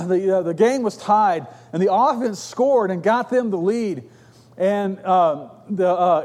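A man's voice: high-pitched, darkish tone. A middle-aged man preaching a sermon, telling stories in an earnest, conversational way.

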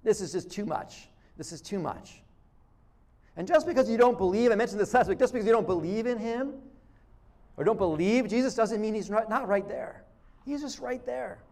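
A man preaching a sermon in a relaxed, conversational way, restarting phrases and acting out quotes. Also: high-pitched, vocal fry. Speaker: pastor.

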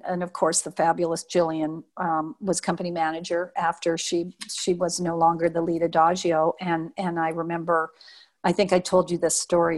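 Lively older woman telling stories. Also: lowish voice. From Nevada. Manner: lively storyteller, acts out quotes, frequent restarts and laughs. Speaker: interviewee, former showgirl dancer. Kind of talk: reminiscing in a recorded interview.

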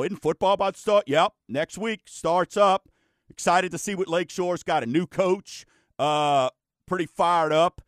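On his laid-back radio talk show, this host, a mortgage lender by trade, tells folksy stories in a chatty manner. The close, dry recording catches a somewhat bright voice that is fairly high for a man.

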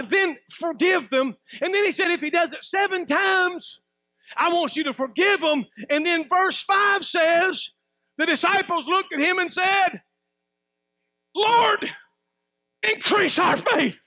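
Male pastor, sermon delivery, very high bright voice, dry close recording, folksy and emphatic. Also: a little slow, no echo. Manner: folksy, preacherly, swings between loud emphatic bursts and low asides.

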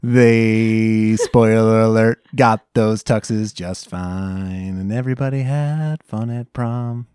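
A man's voice: lowish voice, steady tone, slow, hardly any pauses, dark tone, smooth, no room sound. Man, thirties, podcast co-host, wry joking chat, dry close sound. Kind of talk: casual chat.

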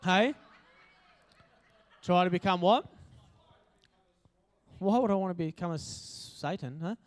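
A man's voice: sits high, measured pace. An Australian man giving a casual, chatty sermon at church, joking and using lots of fillers. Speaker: preacher. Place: church hall.

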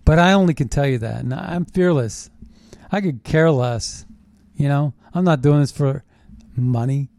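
A man hosting a show, delivering a fast, indignant and sarcastic political monologue. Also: fairly high pitch, vocal fry, no echo. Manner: animated, indignant, sarcastic ranting. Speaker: political commentary host.

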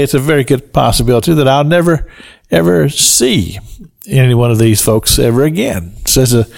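A man's voice: mid-range voice, gravelly. An older man, hosting a Christian radio show in a folksy, earnest, conversational way. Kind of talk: devotional radio talk.

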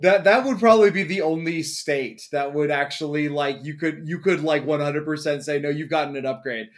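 A mid-pitched co-host who speaks quietly and low-key in a casual podcast chat. Remarks come out deadpan. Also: fairly quick, slight background noise.

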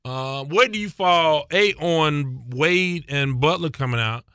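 Bright-voiced sports talk host. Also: male voice, on the high side, slow, clean tone, no echo, studio quality. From Houston, Texas. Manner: chatty, leading questions, plain Southern phrasing.

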